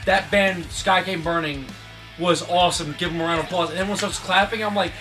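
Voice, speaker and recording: Rowdy high-voiced man telling stories. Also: steady tone, brisk. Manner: rowdy, profane, laughing storyteller. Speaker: band vocalist. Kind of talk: casual storytelling interview. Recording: loud music playing behind.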